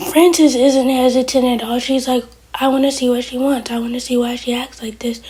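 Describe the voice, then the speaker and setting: A woman's voice: on the high side, mellow. A woman reviewing a TV episode in a casual recap, retelling each scene by quoting the characters.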